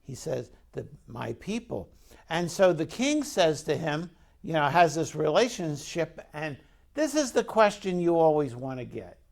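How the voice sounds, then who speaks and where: A man's voice: fairly high pitch, sing-song, measured pace, creaky. A man preaching a conversational sermon as pastor, telling the story and putting questions to the congregation.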